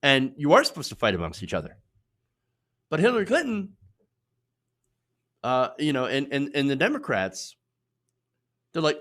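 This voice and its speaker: A man's voice: mid-range voice, big pitch swings, a little fast, pauses often, fairly bright tone. A man hosting a live political commentary stream, talking emphatically and indignantly and raising his voice to drive points home, then rambling with fillers when speaking off the cuff.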